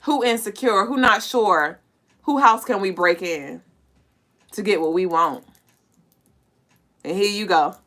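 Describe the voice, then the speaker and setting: A woman's voice: mid-range voice, a little slow, pauses often. Blunt, profane woman giving a spiritual reading. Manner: blunt, profane, animated, with frequent laughs; addresses listeners directly as y'all and collective. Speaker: spiritual reader and podcast host. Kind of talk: casual collective intuitive reading.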